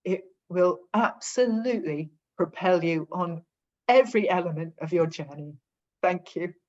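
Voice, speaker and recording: A woman's voice: fairly low pitch, a little slow, a little mellow. Emotional woman on a lo-fi call. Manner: emotional, effusive. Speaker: guest participant. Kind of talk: heartfelt testimonial. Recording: dull lo-fi call audio.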